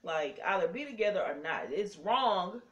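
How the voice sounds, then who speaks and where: A woman's voice: on the low side, lively intonation, moderate pace, muffled recording. A woman talks through a soap opera episode for her viewers in a loose, conversational recap. She throws in sassy asides, says um a lot and corrects herself mid-sentence as she goes. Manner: frequent ums and self-corrections. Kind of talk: casual recap commentary.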